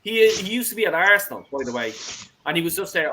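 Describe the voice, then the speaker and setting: A man's voice: high-pitched, lively intonation, a little fast, pushed and bright, a little hiss or hum, rough recording. A man hosting a football fan call-in show, ranting heatedly with constant swearing.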